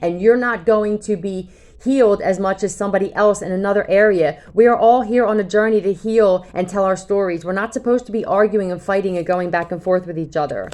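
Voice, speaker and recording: A woman's voice: medium pitch, a little fast, a little mellow. A woman tarot reader talking casually to her viewers, blunt and cursing freely, often checking in with "okay?". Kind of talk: casual talk to camera.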